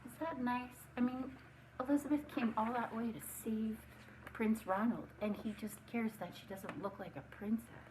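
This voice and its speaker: Female preschool teacher reading a picture book aloud to kids, lively with asides, in an echoey room with faint background noise. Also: on the high side, normal speed. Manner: expressive, adds comments to children. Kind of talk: storybook read-aloud for children.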